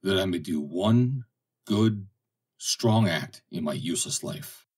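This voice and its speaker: A man's voice: sits low, breathy edge, distant mic, heavily acted. A man reading the lines of a defiant, hard-drinking, educated sailor, speaking with passion and indignation. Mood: indignant. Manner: impassioned, indignant. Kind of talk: audiobook dialogue reading.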